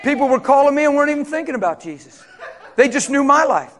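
A man's voice: very high-pitched, lively intonation, fast, fairly bright tone. A male pastor giving a passionate, conversational sermon with casual asides.

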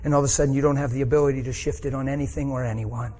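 A man's voice: medium pitch, fairly even intonation, racing, warm tone. A middle-aged man preaching a sermon, telling a personal story with rising emotion.

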